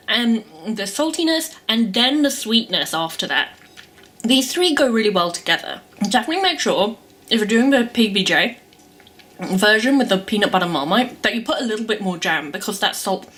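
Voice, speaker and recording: A woman's voice: mid-range voice, a bit bright. A young woman chatting through a casual taste-test vlog, describing the food as she eats it. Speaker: food vlogger.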